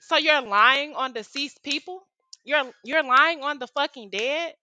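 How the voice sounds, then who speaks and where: A young woman with a high, bright, forceful voice spins a profane, slang-filled story in a casual chat. The sound is dry and close, with no room around it. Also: a little slow, no echo. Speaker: storytime vlogger.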